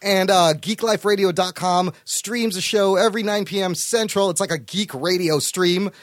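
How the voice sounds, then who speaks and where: A man hosting a casual podcast, excitable, swearing freely and ranting fast. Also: sits high, no echo, studio quality. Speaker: podcast host.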